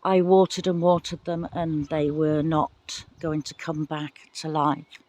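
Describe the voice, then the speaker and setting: Excitable woman on a garden tour. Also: sits low, measured pace. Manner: excitable, gasping, apologetic. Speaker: gardening vlogger. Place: outdoor garden plot, windy.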